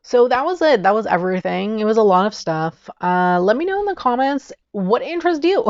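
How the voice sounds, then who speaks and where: A woman excitedly reviewing tarot decks in a casual video, gushing and giggly as she talks. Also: a little high, normal speed, no echo. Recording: dull lo-fi dry recording.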